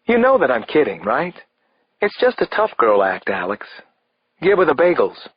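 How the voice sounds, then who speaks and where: A male narrator voicing a droll female FBI analyst with a deadpan, wry delivery, his voice raised. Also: a bass voice, normal speed, breathy edge, no echo, full character voice. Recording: slightly dull, dry audiobook recording.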